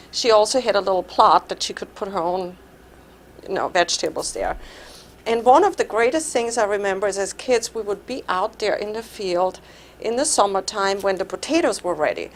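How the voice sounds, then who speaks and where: A woman's voice: medium pitch, fairly bright tone. A middle-aged woman from Austria with an Austrian German accent, giving a conversational personal speech at a club meeting and laughing now and then. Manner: conversational, laughs while telling stories. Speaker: club speaker.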